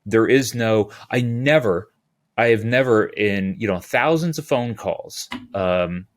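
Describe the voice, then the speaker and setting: Rambling, animated man with a low voice. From California. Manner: rambling, animated, restarts and quick asides. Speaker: podcast guest, utility locator. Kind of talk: casual interview talk.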